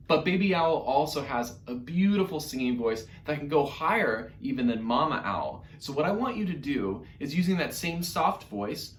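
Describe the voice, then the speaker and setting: A man's voice: a little high, animated, moderate pace, hardly any pauses, reverberant. A man teaching an online music lesson to young children in an upbeat, encouraging way, speaking directly to his class.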